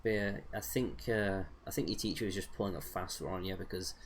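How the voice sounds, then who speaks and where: A young man with an English accent chats loosely while he plays, wandering between thoughts with plenty of ums and uhs. His voice sits low and deep. A faint background hiss runs under the recording. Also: fairly even intonation, brisk. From England. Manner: rambling, hesitant, many fillers. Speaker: gaming streamer. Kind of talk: casual chat while playing a game.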